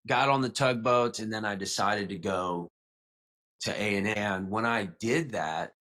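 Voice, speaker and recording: A man's voice: fairly low pitch, a bit bright. A young man from Louisiana with a faint South Louisiana accent, rambling casually as a podcast guest. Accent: light South Louisiana. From Louisiana, south of New Orleans. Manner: rambling, self-correcting, with many "like" and "you know". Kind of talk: casual storytelling interview.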